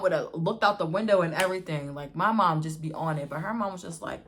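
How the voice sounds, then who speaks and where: A young woman vlogger telling a casual storytime in an animated, slangy way, acting out what people said. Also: deep voice, brisk, hardly any pauses, slight background noise.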